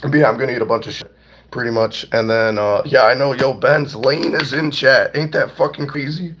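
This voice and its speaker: A young man with a hoarse, worn-out voice, chatting loosely and profanely on a livestream and greeting viewers by name. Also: mid-range voice, normal speed, a bit bright. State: hoarse, voice nearly gone. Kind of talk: casual livestream chat. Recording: dull lo-fi stream audio.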